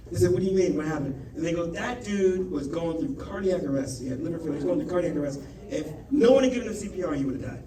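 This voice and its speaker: A man doing stand-up, telling a loose, profane story with lots of asides to a laughing club audience. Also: high-pitched. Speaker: stand-up comedian. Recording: echoey club recording from a distance, crowd laughter.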